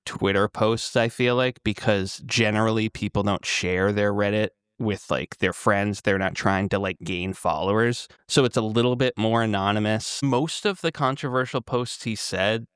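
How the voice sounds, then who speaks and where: A man co-hosting a casual political podcast, relaxed and explanatory, with lots of "like". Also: fairly low pitch, normal speed, few pauses, clear, resonant tone, no room sound, studio quality. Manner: relaxed, explanatory, says "like" often. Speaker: podcast co-host.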